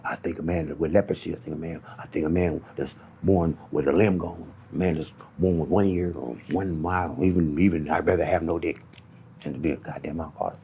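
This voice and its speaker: A man telling his own story in an interview, raw and profane, dropping to hushed near-whispers and then rising into animated storytelling. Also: rumbling low, brisk, slight background noise. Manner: profane and repetitive, restarting phrases. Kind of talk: confessional interview monologue.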